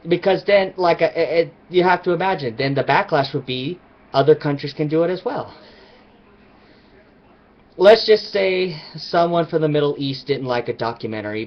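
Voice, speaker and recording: A man's voice: medium pitch, muffled recording. A man vlogging his opinions in a rambling, emphatic casual rant.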